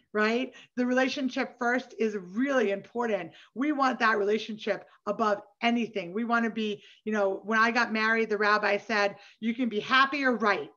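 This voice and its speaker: A woman with a fairly high voice leads a workshop over a video call, chatty and encouraging, checking in with her listeners as she goes. The sound is a bit dull and lo-fi, like a call recording. Her tone stays friendly and practical. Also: sharp tone. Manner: conversational, encouraging, frequent "right?" and "you know". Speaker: workshop facilitator. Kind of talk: online workshop presentation.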